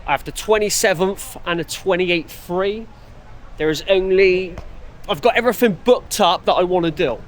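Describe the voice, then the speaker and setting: A young man vlogging his holiday to an action camera outdoors, chatty and excitable, swearing freely. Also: high-pitched, normal speed, slight background noise. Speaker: travel vlogger. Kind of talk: casual travel vlog to camera. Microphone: action camera mic.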